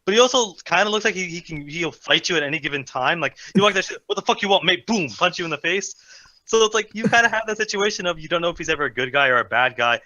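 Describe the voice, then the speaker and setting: Bright, fast-talking man on a podcast. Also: on the high side, animated. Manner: crude, joking, rambling. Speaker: podcast co-host. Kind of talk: casual chat. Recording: dull lo-fi recording.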